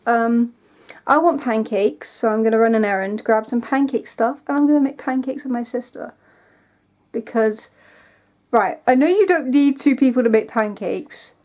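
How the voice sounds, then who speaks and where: A woman's voice: on the high side, darkish tone. A young woman vlogging at home, telling stories in a rambling, giggly way. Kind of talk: casual vlog chat.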